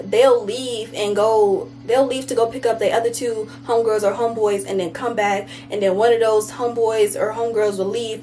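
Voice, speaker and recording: A woman's voice: a little high, darkish tone, a little hiss or hum. A woman telling a casual storytime, rambling and slangy, full of fillers like "like" and "you know". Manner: slangy and conversational. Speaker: vlogger.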